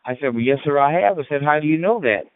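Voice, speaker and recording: A man's voice: on the high side, animated, fast, no room sound. A man in his sixties from Illinois with a slight Southern twang, chatting in a rambling, folksy way on a ham radio net. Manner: rambling, folksy storyteller with many fillers. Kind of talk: casual radio chat. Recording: tinny radio transmission.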